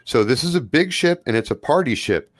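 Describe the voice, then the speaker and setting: A man narrating a tabletop role-playing game as game master, in a relaxed, loose way with plenty of fillers. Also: mid-range voice, fairly quick, dry recording, clean studio sound.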